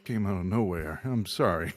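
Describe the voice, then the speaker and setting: A man's voice: sits low, lively intonation, moderate pace, soft background music. A man voicing a hesitant young male traveler who stammers politely. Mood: uneasy.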